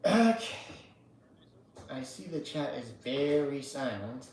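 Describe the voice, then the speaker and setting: Slow, profane man ranting on a livestream. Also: medium pitch, big pitch swings, darkish tone, roomy sound, a little hiss or hum. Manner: slow, profane, chanting slogans. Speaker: livestream host. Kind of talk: casual political livestream rant.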